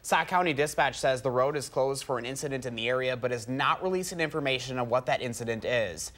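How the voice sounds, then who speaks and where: A man anchoring a live morning newscast, reading headlines crisply and joking with his co-hosts. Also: mid-range voice, fast, a bit bright. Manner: reads copy crisply, banters and laughs with co-hosts. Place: TV news studio.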